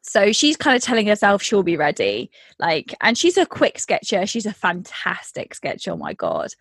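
A woman's voice: mid-range voice, huge pitch swings, moderate pace, vocal fry, fairly bright tone, husky, no room sound. Chatty woman telling a story. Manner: chatty, many fillers, acts out quotes. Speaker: storyteller in a chat. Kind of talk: casual chat, telling a workplace story.

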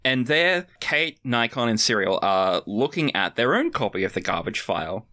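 Man recapping a movie, bright-toned. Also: mid-range voice, big pitch swings, moderate pace. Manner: earnest, detailed plot recapping. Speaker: podcast guest. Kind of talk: casual movie-review chat.

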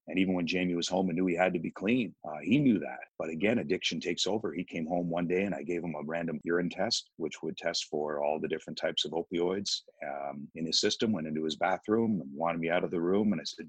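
Husky, deep-voiced earnest father. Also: no echo, rough recording. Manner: earnest, pleading, pausing. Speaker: father, foundation founder, guest. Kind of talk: interview answers, personal story.

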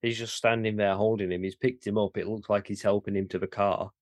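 Low-voiced man in casual podcast chat. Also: no echo, studio quality. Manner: animated, quick, swearing, incredulous. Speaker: podcast co-host.

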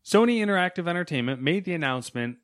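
A man co-hosting a casual podcast, dry and deadpan, reading out news items between chat. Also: sits high, fast. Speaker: podcast co-host.

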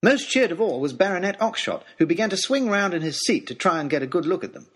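A man reads an adventure storybook aloud with dramatic flair. His voice is a little high and lively, rising and falling with the action, with a husky grain. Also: fast talker. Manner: expressive, dramatic reading. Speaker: narrator. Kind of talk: storybook narration.

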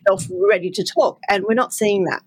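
A woman's voice: mid-range voice, brisk, no echo. A woman co-hosting a podcast, explaining her analysis in a thoughtful, chatty way. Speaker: podcast co-host. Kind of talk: casual analytical chat.

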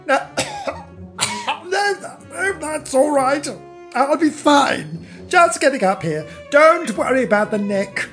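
Flustered older lady, high wry falsetto, voiced by a man, lively delivery. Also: moderate pace, soft background music. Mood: wry, pained.

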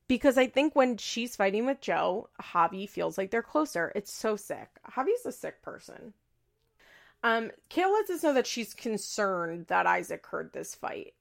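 A woman's voice: mid-range voice, animated, normal speed, creaky, fairly bright tone. A woman recapping a show in a casual, opinionated and sarcastic way, full of fillers. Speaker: podcast host recapping a reality show. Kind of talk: casual chat.

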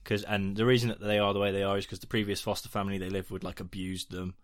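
A man's voice: low-pitched, little pitch movement, fast talker. A man co-hosting a podcast, recapping a TV episode in a rambling, jokey way. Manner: rambling, jokey, acts out lines in silly voices. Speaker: podcast co-host. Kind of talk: casual chat recapping a TV episode.

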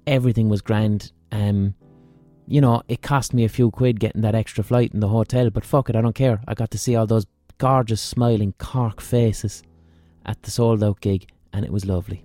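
An Irish man talks through a long story on his podcast, swearing freely and poking fun at himself as he rambles. His voice is mellow and dark, recorded dry and close to the mic, with faint music underneath. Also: lowish voice, steady tone, moderate pace, dry recording. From Ireland. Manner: rambling, profane, self-mocking. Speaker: podcast host. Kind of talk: casual storytelling monologue.

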